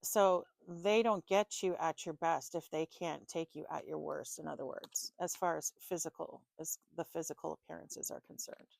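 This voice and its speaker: A woman's voice: low-pitched, fairly even intonation, normal speed, vocal fry, hardly any pauses, a little mellow, no echo. A woman giving a loose, chatty tarot reading to the viewer, full of fillers and casual swearing. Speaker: tarot reader.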